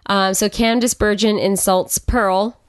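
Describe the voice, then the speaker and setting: Female podcast co-host, smooth clear tone, sarcastic recaps, dry close mic. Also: medium pitch, measured pace, no room sound. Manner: sarcastic, animated retelling of scenes. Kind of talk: casual movie review chat.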